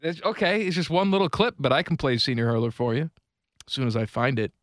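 A man's voice: mid-range voice, a bit bright, no room sound, studio quality. A man hosting a radio show, running the segment in casual banter with his co-host. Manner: runs the segment, quick back-and-forth.

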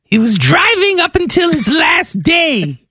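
A man doing a falsetto impression of an elderly, prim British queen with a British accent, in a plummy, mock-regal manner. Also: huge pitch swings, unhurried, bright, forceful tone, no echo, studio quality, full character voice.

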